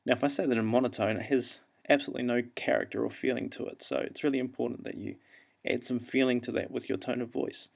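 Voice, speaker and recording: Gravelly New Zealand man teaching. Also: mid-range voice, quick pace. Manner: relaxed, explanatory, frequent ums and uhs. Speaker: English teacher. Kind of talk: classroom instructional talk.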